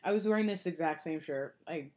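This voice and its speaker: A young woman chatting to her camera in a casual vlog, rambling through thoughts with plenty of fillers and restarts. Her voice sits a little low for a woman and she sounds dreamy and amused. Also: a little fast, a little mellow. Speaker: vlogger.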